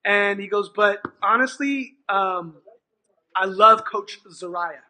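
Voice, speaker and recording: This man has a high voice and a slow pace. A middle-aged guest from California, USA, who manages an after-school program, he tells a conversational story, animatedly performing the quoted dialogue amid many restarts.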